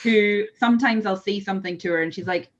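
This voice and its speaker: A Scottish woman talking casually over a video call, chatty and animated as she tells self-deprecating stories. Her pitch sits in an ordinary middle range. The audio is a little dull and lo-fi. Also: quick pace. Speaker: whisky blender, guest.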